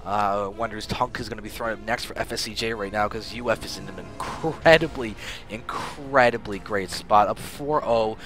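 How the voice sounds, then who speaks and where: A young man casting a live strategy game match as stream host, excitable and prone to loud bursts at big plays. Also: fairly low pitch, normal speed, over music. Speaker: esports caster and stream host. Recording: faint background noise.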